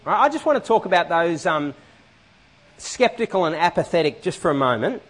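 Guy preaching to his church, high voice, lots of back and forth with the crowd. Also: a little fast. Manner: animated, asks the room questions often. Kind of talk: sermon. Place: church hall with a band.

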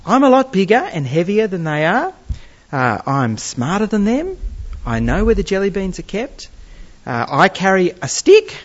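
A man preaching a sermon, telling stories with gentle humour. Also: sits high, normal speed. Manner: lively storytelling with gentle humour. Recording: dull lo-fi recording.

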